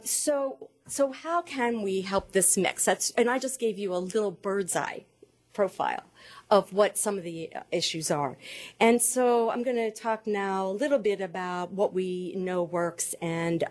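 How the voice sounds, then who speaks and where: Measured woman lecturing on caregiving research. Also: on the low side, a little mellow. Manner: measured, cites statistics, pauses to work slides. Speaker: dementia care researcher presenting. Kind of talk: lecture presentation.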